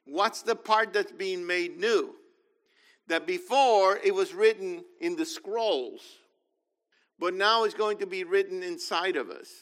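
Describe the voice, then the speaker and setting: High, bright-voiced man preaching. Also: measured pace, long reverb tail. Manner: emphatic, repeats and asks the listeners "okay?". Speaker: teacher. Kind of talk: sermon.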